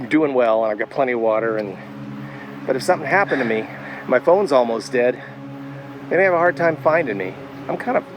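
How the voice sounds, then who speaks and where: A man's voice: medium pitch, background noise. A man vlogging on a phone as he walks a rural trail outdoors, frustrated, sarcastic and swearing often. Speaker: vlogger walking a pilgrimage trail. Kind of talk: vlog narration and walking selfie talk. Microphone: handheld phone.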